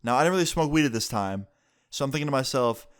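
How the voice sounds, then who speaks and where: A young man telling a story casually on his vlog, animated and profane, acting out the dialogue he quotes. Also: medium pitch, fast, smooth. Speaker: storytime vlogger.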